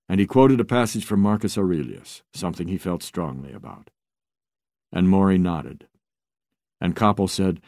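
A man reading a book aloud on radio in a measured, even narration. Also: deep voice, no room sound, studio quality.

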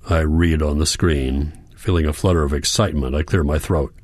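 A man with a very low voice reads a first-person novel aloud, calm and measured. His narration stays reflective throughout. The sound is dry and close to the mic. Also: dry recording. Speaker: audiobook narrator.

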